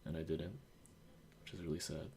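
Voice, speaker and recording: A man's voice: a bass voice, steady tone, normal speed, gravelly, dark tone, slightly rough. A young man from the United States telling stories in a casual podcast chat, rambling with lots of fillers and acting out quotes. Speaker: podcast host.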